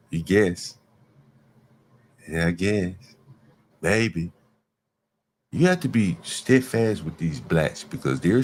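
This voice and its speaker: A livestream host with a low, slightly mellow voice rants emphatically, firing off repeated rhetorical questions. A faint hiss or hum can be heard.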